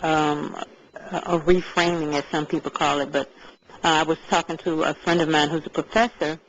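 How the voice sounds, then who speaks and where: A woman chatting casually as co-host, talking in a measured, thoughtful way with some hesitant fillers. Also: deep voice, little pitch movement, lo-fi sound. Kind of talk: casual conversational chat.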